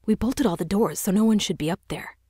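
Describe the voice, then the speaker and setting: Scared, angry teen boy, loud and agitated, read by a woman, dry close audiobook. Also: medium pitch, a little fast, breathy edge, dry recording, natural voice. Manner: agitated, exclaiming. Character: teenage boy, scared and frustrated.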